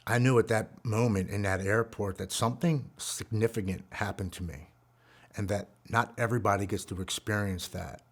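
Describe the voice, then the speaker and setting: A man in his forties telling his own recovery story in an earnest, emotional way, dropping to a hushed voice at the heavy moments. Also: lowish voice, fairly even intonation, moderate pace. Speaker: guest speaker.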